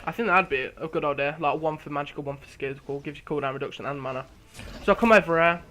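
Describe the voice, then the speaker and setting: Young guy talking through a match, chatty and self-mocking, bright, slightly high voice. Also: quick pace, slight background noise. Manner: chatty, laughs at himself, restarts words. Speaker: gameplay commentator. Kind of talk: casual game commentary.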